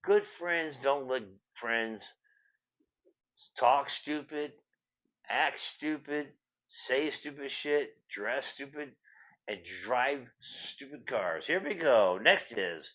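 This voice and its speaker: A man's voice: mid-range voice, fairly bright tone. An older man hosting a show, ranting in a profane comedic style, repeating himself and drifting off on tangents. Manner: swears constantly, repeats words, trails into tangents. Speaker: show host. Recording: dull lo-fi sound.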